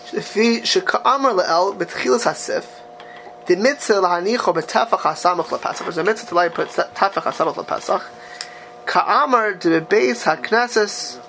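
A man with a high voice for his sex leads a text-study class. He reads passages aloud and keeps asking the students rhetorical questions with lively energy. Faint room sound sits under his voice. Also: slight background noise. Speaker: teacher of a religious text class.

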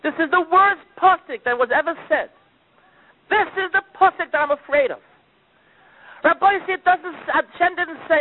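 A man with a strikingly high voice delivers a sermon as a dramatic storyteller, dropping to near-whispers and then rising again. The recording is thin and phone-like. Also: moderate pace. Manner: dramatic storytelling, swinging between loud and hushed. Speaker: preacher.

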